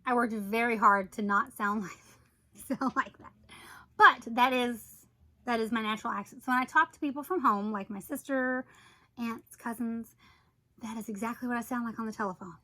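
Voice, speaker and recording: A woman with a high, bright voice talks through her bag collection in a casual review vlog. She gushes, teases and breaks off into little exclamations, chatty and unhurried. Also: low-quality recording. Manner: chatty and gushing, with playful asides and sudden surprised exclamations.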